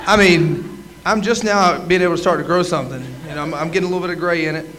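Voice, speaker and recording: A man's voice: fairly high pitch, fast, a bit bright, a little hiss or hum, rough recording. Man in his twenties roasting his coach. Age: 20s. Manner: joking, teasing, many filler "uh"s. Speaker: roaster, former quarterback. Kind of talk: comedy roast speech.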